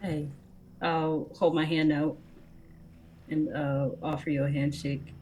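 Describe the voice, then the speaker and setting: A woman playing a kindly lizardfolk warrior in a tabletop game, talking earnestly and haltingly. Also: low-pitched, little pitch movement, dark tone, slight background noise, low-quality recording. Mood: comforting. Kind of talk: in-character role-play.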